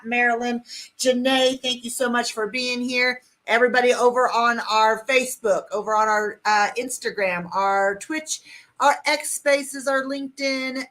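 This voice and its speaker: Bright, upbeat woman welcoming viewers. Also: a little high. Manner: upbeat, welcoming, listing things. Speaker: co-host. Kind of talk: show opening and welcome.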